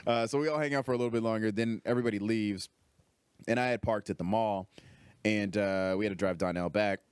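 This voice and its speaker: A young man with a low voice tells a story as a comedy podcast guest. He is animated and profane, and he leaps up in pitch when he imitates others. The sound is dry and close to the mic. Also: fairly quick, smooth, no room sound. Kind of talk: casual storytelling.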